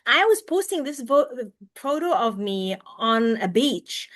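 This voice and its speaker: A woman hosting a podcast over a video call, her voice sitting a little high. She talks casually and animatedly, dropping to a hush and then bursting loud as she acts out what others said. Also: unhurried. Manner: animated, swings between soft and loud, acts out quotes. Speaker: podcast host.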